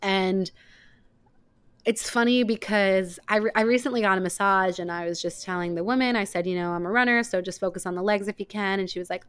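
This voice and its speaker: Young female podcast host, chatty and emotional, filler-heavy, clear tone, dry booth sound. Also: mid-range voice, fairly quick, dry recording. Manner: rambling, many "like" fillers, emotional. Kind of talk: casual chat.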